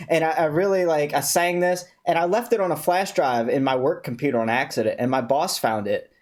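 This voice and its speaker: A man's voice: a little high, a little fast. A man hosting a livestream, chatting casually with strangers and repeating words as he thinks. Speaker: livestream host. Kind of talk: casual chat on a video-chat stream.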